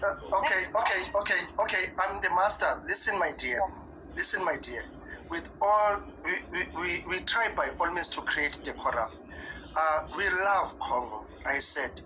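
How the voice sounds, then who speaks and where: A man moderating a panel debate, who talks haltingly and repeats his words as he tries to calm things down. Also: high voice, background noise.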